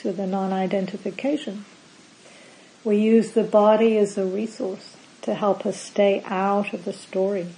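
This is a woman's mid-range voice, captured on poor audio. She is a meditation teacher delivering a dharma talk to a group, listing words singly in a calm, measured way, each ending falling away.

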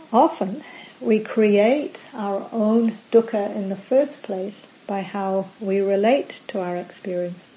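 Calm, mellow-voiced woman meditation teacher. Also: mid-range voice, slight background noise, low-quality recording. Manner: calm, measured, lists words one by one with falling endings. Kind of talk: dharma talk to a live group.

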